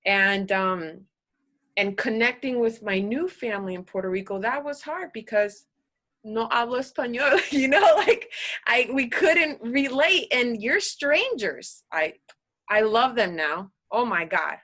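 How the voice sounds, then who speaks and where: A woman guest on a podcast, telling her personal story in an earnest, halting way, emotional and close to tears. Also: on the high side, lively intonation. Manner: earnest, halting, with restarts and soft laughs.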